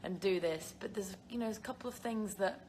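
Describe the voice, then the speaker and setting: A woman's voice: medium pitch, a little fast, darkish tone, a little hiss or hum. A young woman with a British accent, chatting casually on a live stream from her phone, rambling with lots of fillers and giggles. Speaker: live-stream host answering viewer questions.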